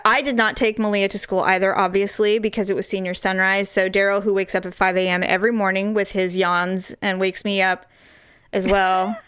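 A woman in her forties chatting casually as a podcast host, candid and quick to laugh, with frequent swearing. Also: mid-range voice, flat delivery, a bit bright, clear, resonant tone, dry recording, studio quality. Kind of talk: casual chat.

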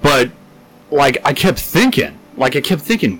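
A man's voice: a little slow, soft background music. A man co-hosting a casual podcast, telling a story, swearing often and acting out what others said. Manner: animated, swears a lot, acts out quotes in high voices. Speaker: podcast co-host.

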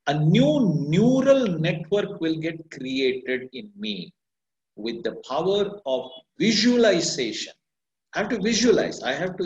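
A middle-aged man guides listeners through meditation in an earnest, self-questioning way. His voice sits a little high and swings widely in pitch. The sound is roomy and a bit dull, like a lo-fi recording. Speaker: meditation teacher. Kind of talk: reflective spoken teaching. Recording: echoey, dull lo-fi room sound.

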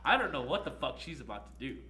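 A young man on a podcast telling a story in a casual, profane, animated way, laughing often. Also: medium pitch, fast talker. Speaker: podcast co-host.

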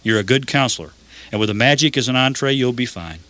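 A man's voice: medium pitch, lively intonation, quick pace, a bit bright, natural voice. A man playing a persuasive ministry director. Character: friendly male prison ministry director.

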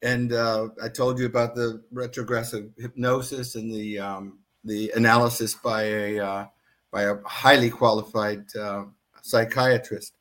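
A man who writes books, earnestly telling a story as an interview guest and pausing often to find his words. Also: fairly low pitch, flat delivery, a bit bright.

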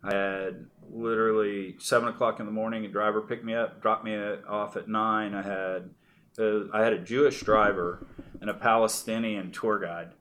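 Low-voiced man telling rambling stories. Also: flat delivery, moderate pace, a bit bright, a little hiss or hum. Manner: rambling, restarts often, laughs while telling stories. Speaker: guest. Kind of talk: casual conversational storytelling.

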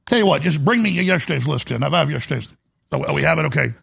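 Male broadcast host, very gravelly, husky tone, rambling monologue with restarts and emphatic bursts. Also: fairly high pitch, expressive, fast, fairly bright tone, dry recording, clean studio sound. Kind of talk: monologue commentary. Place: broadcast studio.

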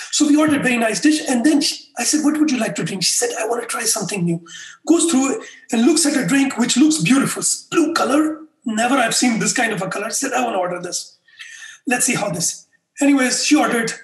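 A man being interviewed, telling anecdotes in an animated way and acting out the dialogue. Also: very high-pitched. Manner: animated storyteller who acts out dialogue. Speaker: interview guest, customer experience faculty member. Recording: echoey room.

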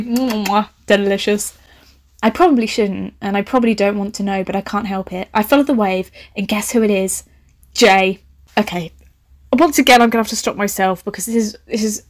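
A young woman reading a story aloud, breaking off for playful, laughing, camp asides. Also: mid-range voice.

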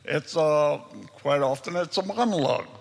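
A man's voice: on the high side, moderate pace, vocal fry, very noisy. An older man in his seventies, an audience member who answers in a mild, dry way and tells his story without hurry. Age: 70s or older.

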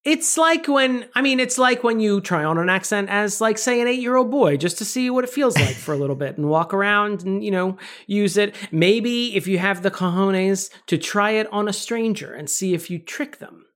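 A woman co-hosting a movie podcast, talking in a loose, joking way with plenty of swearing. Her voice sits at an ordinary middle pitch, and she riffs quickly on silly tangents. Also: expressive. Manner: playful, joking, swearing freely. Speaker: podcast co-host. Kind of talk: casual movie-review chat.

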